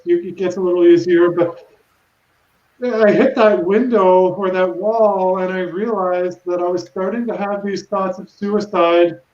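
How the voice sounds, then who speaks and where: A woman in her thirties gives personal testimony over a video call, halting and emotional and restarting her sentences often. The room sounds echoey and the audio is dull and muffled. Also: fairly low pitch, darkish tone. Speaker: panelist.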